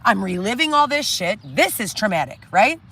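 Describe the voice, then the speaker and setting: Middle-aged woman, bright and sharp-edged voice, agitated profane rant to camera, reality show, tent setting. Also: mid-range voice, very animated, normal speed. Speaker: reality show cast member. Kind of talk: distraught monologue to camera. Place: inside a tent.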